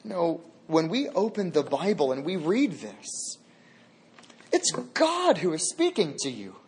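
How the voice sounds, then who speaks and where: A man's voice: fairly high pitch, big pitch swings, takes it slowly, a little mellow, slight background noise. A man preaching a sermon as a pastor, emphatic and repeating key phrases for weight.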